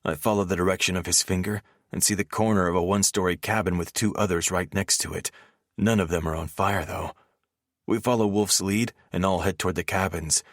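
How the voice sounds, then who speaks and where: A man narrating a first-person romance audiobook in a steady, measured reading voice on a close mic. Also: low voice, dry recording.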